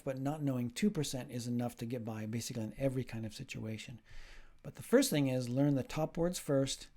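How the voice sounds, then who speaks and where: A man's voice: mid-range voice, darkish tone. A man teaching a recorded lecture, explaining ideas step by step and putting questions to the listener. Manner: demonstrates sounds and rhythm drills.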